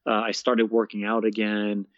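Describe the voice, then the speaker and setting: A young man, a guest, casually telling his story in an interview, animated and laughing often, peppering his talk with "man" and "bro.". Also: lowish voice, normal speed, no echo. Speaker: guest, fitness coach and speaker. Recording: dull, dry lo-fi sound.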